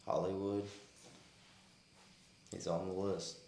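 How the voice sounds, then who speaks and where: A male podcast guest in casual chat, dry and teasing, flatly turning down requests. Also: sits low, slow pace. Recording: echoey room, faint background noise.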